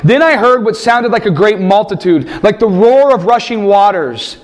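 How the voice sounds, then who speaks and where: Man, preacher, sermon with scripture reading, slightly high voice, emphatic, repeats phrases. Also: sing-song, normal speed, few pauses. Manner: emphatic, rhetorical questions, repeats phrases for stress.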